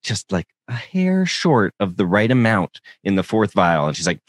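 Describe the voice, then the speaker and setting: A man with a very deep voice chats casually on a podcast, telling stories with lots of laughter. His voice jumps up when he acts exasperated, and the sound is dry and close. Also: moderate pace, no echo. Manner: animated, laughing, leaps up in pitch when exasperated. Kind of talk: casual chat.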